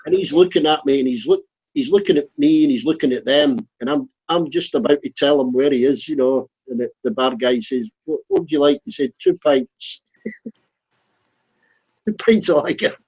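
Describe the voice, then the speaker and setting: A man's voice: medium pitch, fairly quick, darkish tone, breathy edge. A man telling a funny pub story in casual chat, rambling and acting out the quotes. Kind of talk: casual chat, comic anecdote. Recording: dull lo-fi recording.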